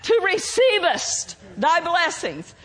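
A woman preacher voicing a pompous male hypocrite who prays showily in drawn-out, mock-archaic words, as part of a sermon. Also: extremely high pitch, huge pitch swings, fairly bright tone, full character voice.

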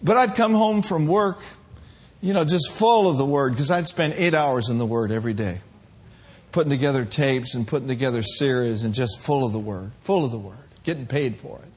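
A man from Minneapolis preaching a sermon, playful and animated, sometimes rising to shouts. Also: medium pitch, normal speed, breathy edge. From Minneapolis, USA.

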